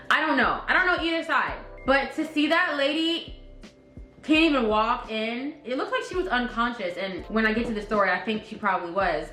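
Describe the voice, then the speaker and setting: Young woman, chatty vlog storytelling, bright voice, roomy echo. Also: mid-range voice. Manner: chatty, animated retelling with quoted voices. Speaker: vlogger. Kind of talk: casual storytelling to camera.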